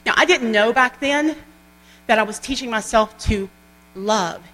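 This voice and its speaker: A woman giving an animated, folksy motivational training talk to a group. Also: a little high, measured pace. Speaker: sales trainer. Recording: long hall reverb with mains hum.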